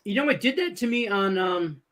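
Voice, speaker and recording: A man with a notably high voice hosts a casual sports betting show from a video call. He keeps things loose and jokes at his own expense. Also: sing-song, moderate pace, fairly bright tone. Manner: loose and joking, self-deprecating.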